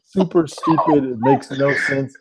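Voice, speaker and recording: A man on a casual movie podcast, relaxed and enthusiastic as he recommends films. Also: mid-range voice, measured pace, noisy background. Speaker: podcast co-host. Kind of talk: casual chat.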